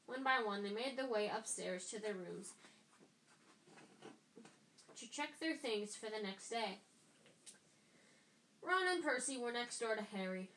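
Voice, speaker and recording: Lady reading a storybook out loud, kinda high voice, trips over words, roomy echo and a little hiss. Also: animated, measured pace, pauses often. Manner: reads with frequent stumbles and restarts. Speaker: reader. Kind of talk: amateur audiobook reading. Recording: echoey room with faint noise.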